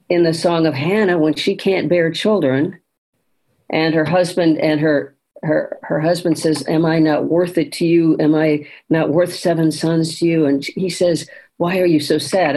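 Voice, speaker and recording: A woman's voice: low voice, a little mellow, low-quality recording. Woman retelling scripture in a podcast. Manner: reflective, retelling scripture with quoted lines. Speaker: podcast co-host. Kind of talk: conversational faith podcast discussion.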